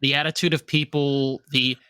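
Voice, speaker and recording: A man's voice: medium pitch, moderate pace, smooth, no echo, clean studio sound. A man with a New York accent co-hosting a podcast in casual chat, telling stories emphatically and swearing. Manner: animated, emphatic storyteller who swears. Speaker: podcast co-host.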